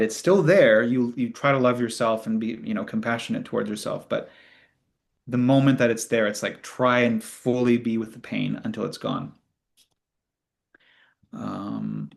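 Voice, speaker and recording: A man's voice: mid-range voice, creaky. A man hosting a spiritual Q&A, teaching in an earnest, conversational way and acting out inner thoughts. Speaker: host of spiritual Q&A.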